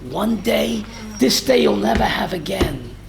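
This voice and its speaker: A man's voice: high voice, expressive, a little slow, vocal fry, noisy background, heavily acted. A rabbi voicing a sorrowful mother. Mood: mournful. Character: grieving mother scolding her little son gently.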